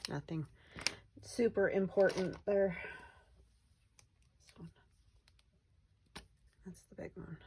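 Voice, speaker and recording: Middle-aged woman, gravelly low voice, soft rambling craft chat, faint hiss behind. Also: slow, long pauses. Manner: rambling, soft-spoken, chatty. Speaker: crafting vlogger. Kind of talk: casual craft-along chat. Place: home craft room. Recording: faint background noise.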